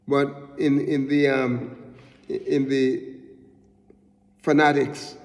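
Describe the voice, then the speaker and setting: Guy teaching bible slow, keeps repeating words, kinda echoey long reverb. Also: medium pitch, steady tone, a little mellow. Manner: halting, repeats words often, slow and deliberate. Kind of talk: sermon-style Bible teaching.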